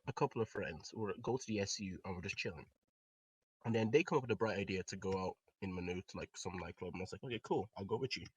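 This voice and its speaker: Young man, husky voice, very lively pitch, casual podcast storytelling, swears, dry close sound. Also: no room sound. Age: young adult. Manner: animated, swearing, rising to loud outbursts. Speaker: podcast co-host.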